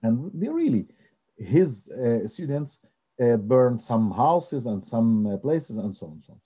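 A man from Israel, a religious leader and peace activist, telling stories in an interview in animated, hesitant, non-native phrasing. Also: medium pitch, measured pace, slightly rough.

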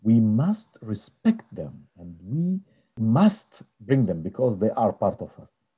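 A man from Israel, a religious leader and peace activist, telling stories in an interview in animated, hesitant, non-native phrasing. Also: fairly low pitch, slow pace, husky.

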